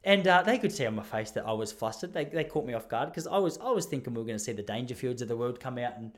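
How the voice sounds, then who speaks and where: A young man hosting a comedy podcast, telling stories in an animated way, laughing often and slipping into quoted voices. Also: medium pitch, quick pace. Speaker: podcast host and school teacher. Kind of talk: comedic storytelling monologue.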